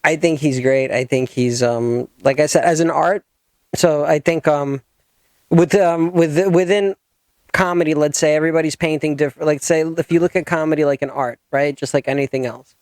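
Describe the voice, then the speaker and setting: Guy hosting a podcast, rambly and sweary, kinda high voice, dead dry studio mic. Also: steady tone, normal speed, darkish tone, no room sound. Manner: loose, rambling, swears freely. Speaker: podcast host. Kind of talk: casual chat.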